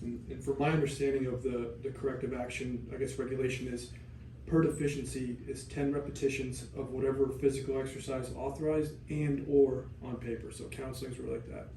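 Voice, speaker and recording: Brief: an easygoing male co-host asking questions in a mellow voice, echoey room with faint hum behind. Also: medium pitch. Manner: relaxed, asks questions, halting restarts. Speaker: podcast co-host. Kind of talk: casual podcast chat. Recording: roomy room, distant mic, faint hum.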